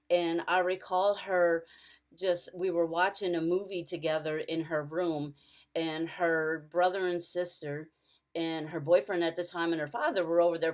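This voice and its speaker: Middle-aged woman, earnest storytelling, slightly low voice, video call talk. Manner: earnest, storytelling, drops soft and quiet in emotional parts. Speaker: caregiver speaker. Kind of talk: personal testimony talk.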